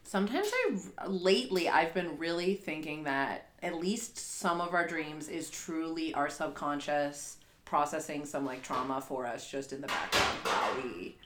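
A young woman co-hosting a podcast in casual chat, animated and excitable, getting loud and laughing when a story builds. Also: low voice, moderate pace, hardly any pauses, slight background noise. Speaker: podcast co-host.

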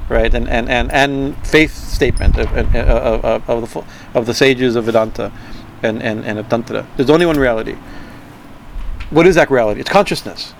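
A man giving an informal talk on Tantra philosophy. He speaks haltingly, repeats words and keeps asking "right?". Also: medium pitch, creaky, slight background noise, low-quality recording. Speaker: spiritual teacher.

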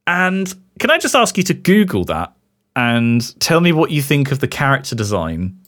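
Lively, jokey young English man. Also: mid-range voice, moderate pace. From England. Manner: animated, laughs often, jokey. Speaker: podcast co-host. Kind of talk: casual chat.

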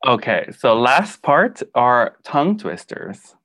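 A man's voice: medium pitch, sing-song, slow, a bit bright, no echo, studio quality. A man, casually explaining phrases with frequent giggles. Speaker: guest teaching Filipino phrases. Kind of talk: casual chat.

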